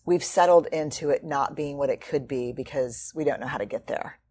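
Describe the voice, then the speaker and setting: A woman hosts the conversation in a relaxed, casual way, blunt and ready with a joke. Her voice sits low and has a husky, slightly breathy grain. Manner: playful and blunt, quick with jokes. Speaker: podcast host. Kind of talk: casual chat.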